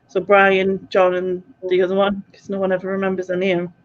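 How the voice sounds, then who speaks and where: A woman's voice: mid-range voice, completely flat delivery, brisk. A woman hosting a casual chat and telling a rambling story about her youth. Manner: chatty, rambling, laughs while talking. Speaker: channel host. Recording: dull lo-fi audio.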